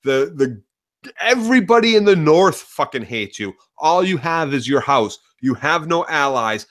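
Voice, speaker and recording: A man voicing a sharp-tongued old noblewoman with profane, cutting taunts while retelling a scene. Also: fairly high pitch, lively intonation, measured pace. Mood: scornful. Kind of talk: retelling a scene in a podcast chat.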